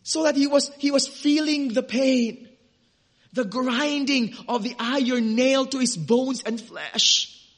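A male pastor preaching a sermon to his church. He calls the listeners "dearly beloved" and slows down to stress key words. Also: extremely high pitch. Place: church sanctuary. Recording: long reverb of a church hall.

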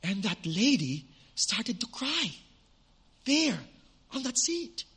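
A male pastor tells a story in his sermon, his high and bright voice jumping between loud, lively bursts and hushed, earnest stretches. He speaks as a preacher to his congregation. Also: slow pace, husky.

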